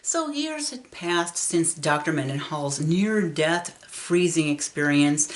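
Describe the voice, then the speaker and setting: A woman narrating a true story in an expressive, conversational way. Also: deep voice.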